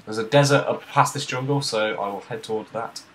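A man's voice: lowish voice, a little fast, fairly bright tone, slight background noise. A man chatting casually during a co-op game, jokey and teasing. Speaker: gaming host. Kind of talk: casual gaming chat.

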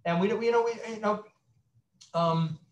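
A middle-aged man, a sex therapist, talking as a guest in an interview, animated and acting out quotes with many restarts. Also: high-pitched, normal speed, a little hiss or hum. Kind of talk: conversational interview. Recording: roomy echo.

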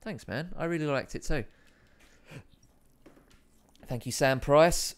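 A man's voice: a little high, takes it slowly. A man in his thirties with an Essex accent, casually chatting while streaming a game, reading viewer comments aloud, swearing and mocking his own play. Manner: reads chat aloud while playing, swears, self-deprecating. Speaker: live streamer. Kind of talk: casual gaming stream chat.

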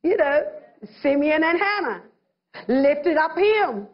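A woman's voice: high-pitched, big pitch swings, slow pace, muffled recording. A woman pastor preaching a sermon, acting out little voices of others as she goes.

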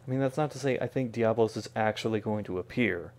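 A man's voice: lowish voice, fast talker, a little mellow. A man streaming a video game, talking to himself in a casual, wry way with joking asides. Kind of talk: casual gameplay commentary.

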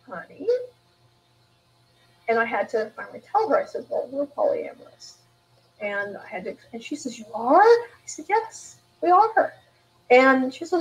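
A woman's voice: a little high, a little mellow, highs cut off. A woman author in a live interview, telling candid stories in a rambling way with frequent restarts. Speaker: author guest.

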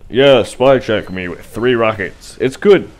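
A young man with a very low, deep voice talks over his gameplay in a loose, rambling way. He tosses out sarcastic asides and chats to his viewers as the match goes on. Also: measured pace. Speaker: gameplay commentator. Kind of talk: casual let's-play commentary.

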